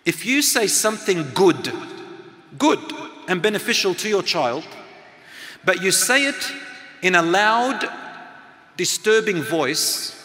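A man's voice: high voice, pushed and bright, a little hiss or hum. A middle-aged man and teacher giving a motivational talk to a live audience, engaging them with questions and activities. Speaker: speaker and teacher. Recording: long hall reverb.

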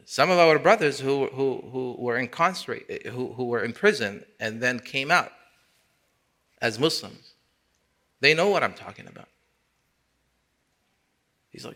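A man delivers a mosque sermon with passion, his tone bright and his voice at a middling male pitch. He builds toward emphatic, forceful peaks and recites Quranic Arabic along the way. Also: animated, unhurried, pauses often. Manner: impassioned, rising to emphatic peaks. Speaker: imam.

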